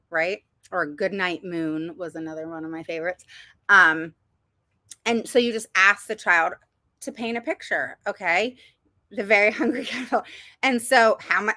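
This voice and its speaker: A middle-aged woman talks to other parents in a loose, rambling way, full of ums and little laughs. Her voice sits a bit low but rings bright and forward. The sound is dry and close, with no room around it. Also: dry recording. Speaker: parent vlogger giving advice. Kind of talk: casual advice talk to viewers.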